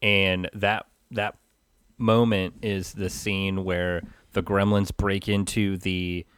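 A man co-hosting a podcast in casual film chat, measured, with dry deadpan jokes. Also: low voice, clean tone, no room sound. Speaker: podcast co-host.

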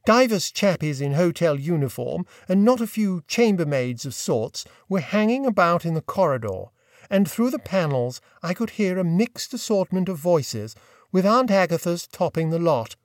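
A man narrating an audiobook in a wry, expressive storytelling manner. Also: high voice, normal speed, no room sound, studio quality. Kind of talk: scripted narration.

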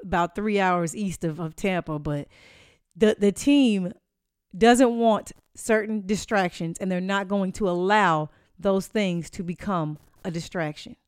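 A young woman talks bluntly and profanely in a candid interview, laughing at her own jabs. Her voice is smooth and resonant, and it sounds close and dry with almost no room echo. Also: mid-range voice, measured pace. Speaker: interview guest.

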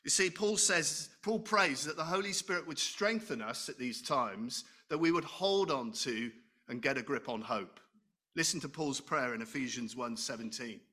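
A man's voice: mid-range voice, normal speed, pushed and bright, slightly rough. A middle-aged man preaching a sermon in a conversational way, asking the congregation questions and joking about himself. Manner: conversational, asks the congregation questions, self-deprecating humor.

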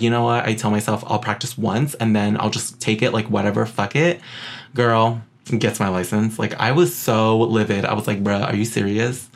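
A young man from Queens, New York, hosting a podcast in sassy, animated casual chat. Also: on the low side. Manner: sassy, animated, says "girl" a lot. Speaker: podcast host.

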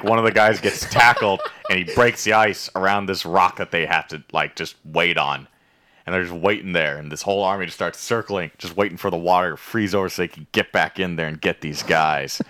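Deep-voiced, bright-toned male co-host, rambling and profane, loose casual chat. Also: steady tone, brisk. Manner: rambling, profane, playful recap with silly nicknames. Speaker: podcast co-host recapping an episode.

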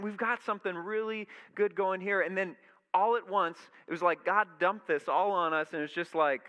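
A man's voice: high-pitched, sharp tone. A young adult man preaching a conversational sermon to his church, telling stories and acting out what people think and say. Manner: casual storytelling, acts out quoted thoughts. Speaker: pastor. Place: church sanctuary. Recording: echoey hall reverb.

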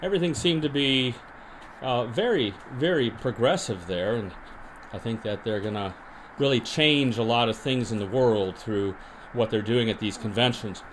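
A man hosting a podcast, deadpan and rambling with many restarts, in an improvised comedy monologue and mock interview. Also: medium pitch, moderate pace, slight background noise. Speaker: podcast host.

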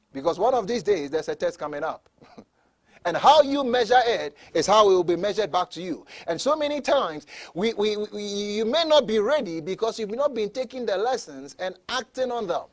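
Pastor guy preaching, high voice that jumps all over, repeats himself a lot, gets loud then soft. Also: expressive, moderate pace. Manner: repeats words, stammering restarts, laughs between points; swings from soft asides to loud emphatic preaching. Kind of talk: sermon.

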